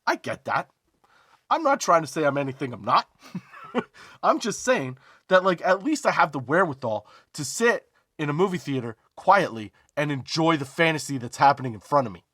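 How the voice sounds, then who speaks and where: A man hosting a comedy podcast, telling a story as a profane, emphatic rant, drawn-out emphasis and rhetorical asides like "okay?". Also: a little high, very animated, fairly bright tone, no room sound, studio quality. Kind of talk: comedic ranting monologue.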